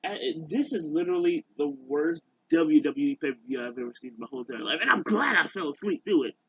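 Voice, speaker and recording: Guy ranting into a cheap mic, husky voice jumping up and down a lot, keeps trailing off and restarting, dull dry lo-fi sound. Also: a little high, expressive, dry recording. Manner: rambling, halting, many fillers and restarts. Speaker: YouTuber. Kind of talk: casual rant to camera.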